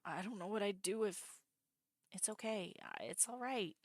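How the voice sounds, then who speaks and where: A woman's voice: lowish voice, steady tone, takes it slowly, pushed and bright, no echo, studio quality, exaggerated voice. A woman reading as a shaken young heroine. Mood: tearful. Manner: pleading, shaken.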